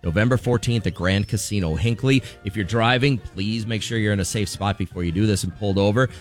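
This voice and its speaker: A man's voice: lowish voice, brisk, faint music behind. A man co-hosting a morning radio show, explaining contest rules in upbeat banter.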